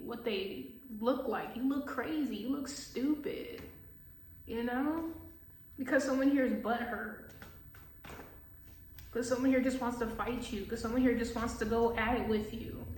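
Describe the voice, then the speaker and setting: A woman's voice: a little high, darkish tone, echoey room, a little hiss or hum, rough recording. A woman tarot reader ranting casually, profane and scornful, mocking people she disagrees with in quoted voices.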